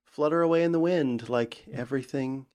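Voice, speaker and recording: A man's voice: mid-range voice, moderate pace, a little mellow. A man co-hosting a podcast in casual chat, playful and giggly, slipping into joking voices. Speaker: podcast co-host.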